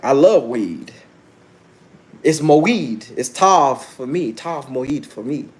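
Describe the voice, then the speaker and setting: A man's voice: mid-range voice, very animated, takes it slowly. A man in his thirties hosting a casual livestream, talking brashly and preaching at his viewers, challenging chat to answer him. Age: 30s. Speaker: livestream host.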